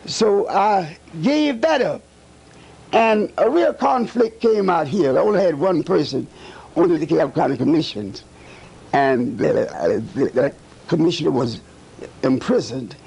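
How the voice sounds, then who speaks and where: An older man recalling his civil rights years in an interview, speaking deliberately and emphatically with many hesitant fillers. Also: on the high side, animated, gravelly, darkish tone, breathy edge. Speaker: civil rights leader and politician. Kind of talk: reflective oral-history interview.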